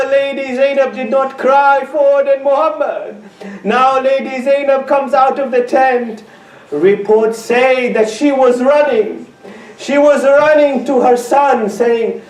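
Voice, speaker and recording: Male preacher, mourning sermon, unhurried and lamenting; distant mic, roomy echo. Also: very high voice. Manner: slow, drawn-out, lamenting delivery with emotional swells. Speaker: speaker giving a Muharram mourning sermon. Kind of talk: sermon narrating with grief. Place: mosque or community center hall. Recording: echoey room heard from a distance.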